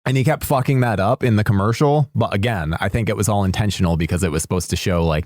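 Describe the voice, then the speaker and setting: Male podcast co-host, lowish voice, dry close mic, rambling casual talk. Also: quick pace, few pauses, a little mellow, no echo. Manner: rambling, restarts a lot, swears casually. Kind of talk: casual movie chat.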